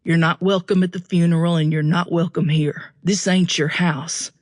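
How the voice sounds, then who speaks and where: A woman's voice: lowish voice, fairly even intonation, moderate pace, no echo, clean studio sound, close to an everyday voice. A woman voicing an aggravated grown son in an audiobook, speaking in a firm, curt way.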